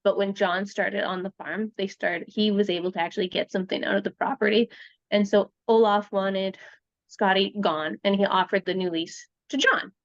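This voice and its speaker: A woman's voice: medium pitch, steady tone, moderate pace, dry recording, lo-fi sound. A woman guest, a researcher and writer from Canada, retelling a true crime case in casual conversation and acting out the quoted lines.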